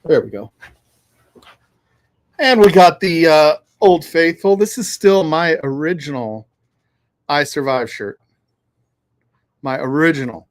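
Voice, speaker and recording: A man with a slightly higher voice hosts a relaxed livestream from outside on a breezy day. He talks in an easygoing, loose way, cursing now and then and calling out to his viewers one by one. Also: takes it slowly, long pauses. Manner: laid-back, swears freely, greets viewers by name. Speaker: livestream host. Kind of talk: casual livestream chat. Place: outdoors on a windy afternoon.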